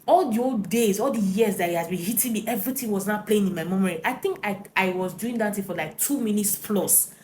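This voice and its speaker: A woman tells a personal story to camera in an animated way, with tag questions and fillers. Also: medium pitch, a little fast, few pauses, slight background noise.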